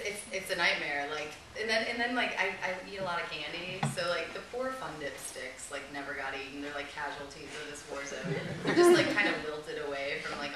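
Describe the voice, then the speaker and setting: A woman in her thirties from Chicago doing a rambling, chatty stand-up set, full of "like". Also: mid-range voice. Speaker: stand-up comedian. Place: comedy festival stage. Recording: echoey live room, far mic, audience noise.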